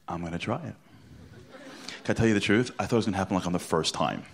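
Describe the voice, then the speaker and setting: A middle-aged man tells a story to a crowd, with a slightly low voice. He acts out every line of dialogue with theatrical flair and swings from loud bursts down to near whispers. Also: quick pace, creaky. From Brooklyn, New York. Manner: theatrical, acts out dialogue, drops to a hush for punchlines. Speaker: motivational speaker. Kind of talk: animated storytelling talk.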